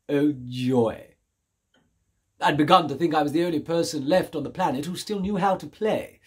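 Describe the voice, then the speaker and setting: Wry, genteel husky-voiced man narrating. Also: medium pitch. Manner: genteel, wry, precise diction. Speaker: actor narrating a monologue. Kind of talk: dramatic theatre monologue.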